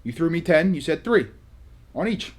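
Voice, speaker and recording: A calm, experienced woman dealing craps, as a man quotes her in a story. She explains the bets patiently and matter-of-factly, in a slightly high voice. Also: moderate pace, husky. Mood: explaining.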